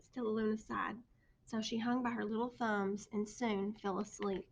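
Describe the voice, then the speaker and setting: A woman reading a children's picture book aloud with expressive storytelling. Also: mid-range voice, normal speed, gravelly, lo-fi sound, a little hiss or hum. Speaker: storybook reader.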